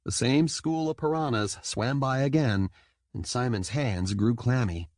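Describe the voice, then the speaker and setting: A man reading an audiobook in scripted narration, lively and quick to slip into character voices. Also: medium pitch, no echo, studio quality.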